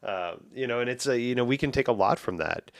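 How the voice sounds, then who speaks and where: A man in his forties, hosting a casual podcast and telling stories in a profane, animated way. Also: mid-range voice, brisk, dry recording, clean studio sound. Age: 40s.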